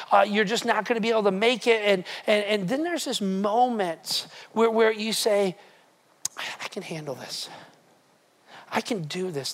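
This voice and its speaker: Earnest pastor preaching conversationally. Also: medium pitch. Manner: earnest, emphatic, repeats a refrain; casual storytelling with fillers and humor. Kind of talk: conversational sermon.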